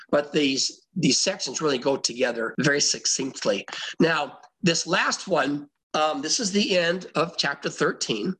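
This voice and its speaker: A man with a slightly raised pitch and a husky, breathy edge teaches scripture. He talks in a conversational, emphatic way, reading verses aloud and then breaking them down for his listeners. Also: a bit bright, rough recording. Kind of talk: expository Bible teaching.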